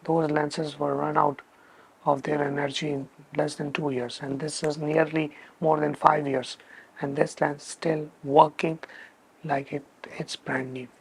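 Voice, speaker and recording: Gravelly, slow-talking man. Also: a little high, level tone. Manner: emphatic, repeats words for stress. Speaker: photography channel host. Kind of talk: casual spoken lens review.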